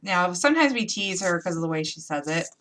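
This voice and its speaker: A woman's voice: on the low side, expressive, a little fast, a bit bright, slight background noise. A woman with an upstate New York accent hosting a live crafting tutorial, chatty and playful, talking her way through each step. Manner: chatty, playful, thinks aloud while working. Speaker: crafting demo host.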